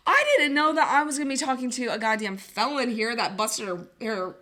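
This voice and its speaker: A woman co-hosting a podcast, telling a story in an animated way, laughing often and acting out what people said. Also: on the high side, fairly quick. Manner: animated, laughing, swearing, acts out quotes. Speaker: podcast co-host. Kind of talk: casual storytelling.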